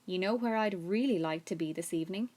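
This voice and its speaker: A woman's voice: fairly low pitch, fast, dark tone, close to an everyday voice. A woman reading as Wilbur, a timid young pig. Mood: wistful. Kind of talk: reading a storybook aloud.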